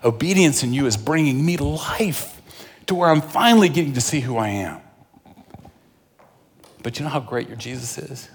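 A male pastor preaching a sermon, swinging between fervent outbursts and hushed, intimate pleas. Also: mid-range voice, expressive, normal speed, long pauses, slight background noise. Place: church sanctuary. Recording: long reverb of a large hall.

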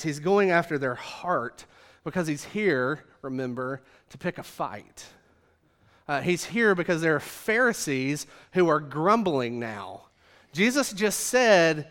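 A male preacher delivers a sermon in a loose, conversational way. His voice sits high for a man, and he fills his talk with jokes and casual fillers. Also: fairly bright tone. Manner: casual and joking, many fillers like 'like' and 'uh'.

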